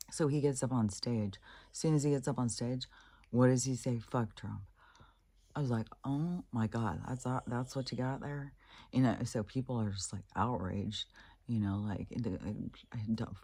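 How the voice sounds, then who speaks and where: A vlogger talking in a rambling, profane monologue, often clearing their throat. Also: mid-range voice, warm tone. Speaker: spiritual vlogger.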